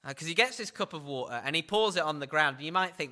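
A man's voice: on the high side, lively intonation, quick pace, bright, forceful tone. A man preaching a sermon in a conversational way, often adding tag questions.

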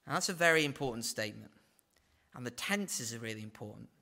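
A man giving verse-by-verse Bible teaching, acting out quoted lines with big swings in pitch and dropping in wry asides. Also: lively intonation, fast, vocal fry, bright, forceful tone.

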